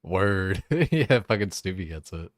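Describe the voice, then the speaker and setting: Low-voiced, crude, rambling guy. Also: big pitch swings, measured pace, dry recording, studio quality. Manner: crude, rambling, full of fillers and swearing. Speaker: game streamer. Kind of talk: casual chat while gaming.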